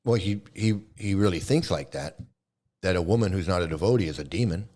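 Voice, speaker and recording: A man's voice: sits low, a little fast, a little mellow. A man hosting a commentary video, ranting heatedly, swearing and repeating himself as he gets worked up. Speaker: commentary host. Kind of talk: angry commentary rant.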